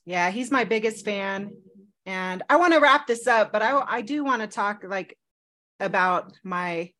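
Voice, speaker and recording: A woman co-hosting a podcast in casual chat, telling stories in an animated, laughing way. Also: medium pitch, measured pace. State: engaged to be married. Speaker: podcast co-host.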